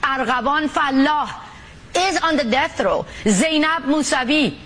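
A woman from the Middle East, an activist speaking forcefully and with indignation in an interview. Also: high voice, lively intonation, measured pace. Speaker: activist guest.

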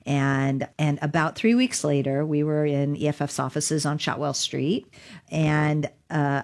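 A middle-aged woman with a notably low voice recounts events as an interview guest. She tells it in an animated way and laughs often as she goes. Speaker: digital rights lawyer. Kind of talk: storytelling in an interview.

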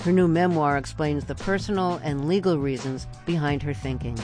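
Woman doing a promo, real low voice, music behind. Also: normal speed. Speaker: promo announcer. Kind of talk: show promo. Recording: music under voice.

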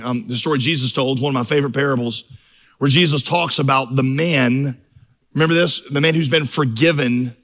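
A man's voice: medium pitch, a bit bright. A middle-aged male pastor preaching a sermon, telling stories and building to fervent, rising crescendos.

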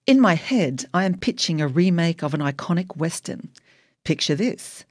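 A woman's voice: fairly low pitch, moderate pace, no echo, clean studio sound. A woman narrating her memoir in a wry, emotionally charged audiobook reading.

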